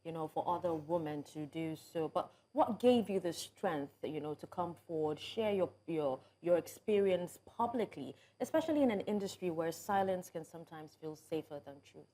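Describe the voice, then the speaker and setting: A woman interviewer asking measured, supportive questions. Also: fairly low pitch, lively intonation, dark tone, a little hiss or hum.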